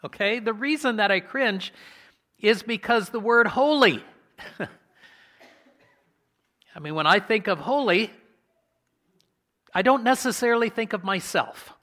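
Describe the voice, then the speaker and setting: A man preaching a sermon in a conversational way, asking his congregation questions and slowing down to stress key words. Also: sits high, expressive, pushed and bright. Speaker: pastor.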